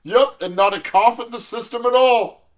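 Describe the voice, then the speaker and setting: Man doing a smooth-talking, coughing suitor. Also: very high-pitched, moderate pace. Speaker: improv performer. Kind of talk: improvised audio comedy.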